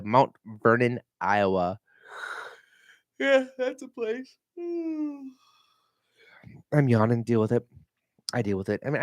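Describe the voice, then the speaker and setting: A middle-aged man rambling in a casual vlog, telling animated stories and swearing freely. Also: mid-range voice, no echo, clean studio sound. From Minnesota. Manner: animated storytelling, mimics voices, swears freely. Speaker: realtor vlogger.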